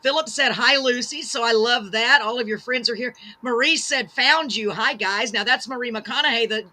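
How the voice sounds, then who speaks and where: A woman's voice: on the high side, moderate pace, bright, forceful tone. A woman hosting a live-streamed talk show, reading out viewer comments in a gushing, bubbly, self-deprecating way.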